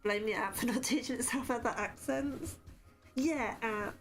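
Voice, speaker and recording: Woman, Wiltshire accent, relaxed crafting-stream chatter with soft background music. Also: on the high side, normal speed. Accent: Wiltshire English. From Wiltshire, England. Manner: chatty, self-deprecating, reads out chat messages. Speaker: card-making streamer. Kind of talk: casual chat while crafting.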